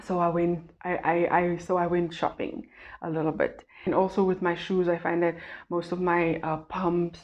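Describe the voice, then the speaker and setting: Earnest woman, low voice. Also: flat delivery, moderate pace. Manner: earnest and emotional, with frequent restarts and repeated words. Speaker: vlogger. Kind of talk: casual weight-loss vlog. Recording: dull lo-fi recording.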